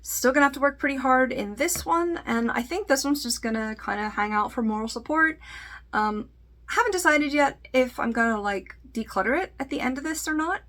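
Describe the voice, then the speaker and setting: Chatty woman beauty vlogger, fairly high voice. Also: fairly quick, a bit bright. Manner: chatty, self-deprecating, trails off with fillers. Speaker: beauty YouTuber. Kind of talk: casual makeup vlog with bloopers.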